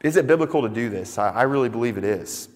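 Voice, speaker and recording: Man preaching a sermon, mid-pitched voice, earnest and emphatic, long hall echo. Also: animated, fast talker. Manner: earnest, building emphasis with repeated phrases. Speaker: pastor.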